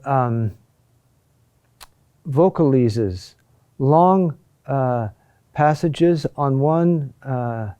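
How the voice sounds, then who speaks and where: A man teaching a class on Gregorian chant, speaking in a halting way with many pauses and restarts. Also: medium pitch, mellow, clean tone. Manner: slow, halting delivery with many fillers and restarts. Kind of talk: classroom lecture.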